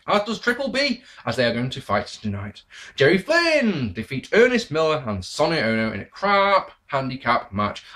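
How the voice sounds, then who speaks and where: A man's voice: mid-range voice, a bit bright. A man hosting a wrestling review show, talking casually and sarcastically, swearing and laughing as he goes. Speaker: wrestling review podcast host.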